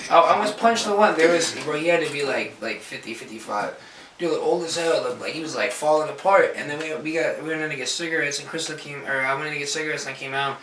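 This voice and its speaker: A man co-hosting a podcast, telling stories fast and profanely, often saying "bro". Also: a little high, a little hiss or hum. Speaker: podcast co-host. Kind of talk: casual chat. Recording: echoey room, distant mic, loud background chatter.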